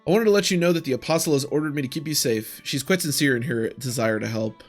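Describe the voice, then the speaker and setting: A man's voice: a little high, fast talker, soft background music, lightly acted. Man reading as a formal knight captain. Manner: formal, earnest. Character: dutiful female knight captain.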